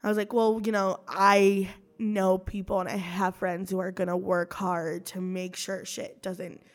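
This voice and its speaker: A woman's voice: mid-range voice, flat delivery, measured pace. A woman talking casually as a podcast guest in a studio, rambling with lots of fillers and frequent laughter. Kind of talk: casual chat.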